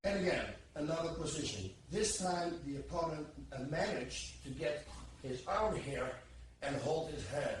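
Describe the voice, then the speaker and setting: Grappling instructor, male, highish voice, counts moves aloud, recorded from across a reverberant training room. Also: lively intonation, measured pace, slight background noise. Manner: counts moves aloud while demonstrating holds. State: strained under pressure at times. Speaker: martial arts instructor. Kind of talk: instructional demonstration. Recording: echoey room, distant mic, faint background.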